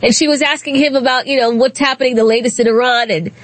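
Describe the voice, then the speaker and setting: A woman's voice: fairly high pitch, fairly even intonation, fast talker, no echo. A woman hosting a political talk show, delivering a sarcastic, mocking commentary monologue and laughing at her own jokes.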